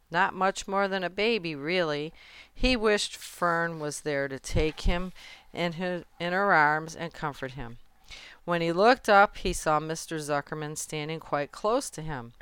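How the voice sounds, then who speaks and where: A woman reading a children's storybook aloud in a gentle, measured way. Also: sits low, smooth, no echo. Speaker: storybook narrator. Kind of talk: children's book read-aloud.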